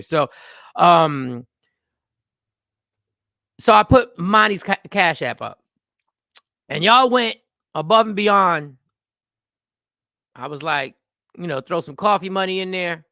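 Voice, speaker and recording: A man in his forties hosting a casual live show, animated and rambling, often repeating phrases. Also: sits high, takes it slowly, vocal fry, pauses often, no echo, studio quality. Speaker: comedian and show host. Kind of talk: casual live-stream talk.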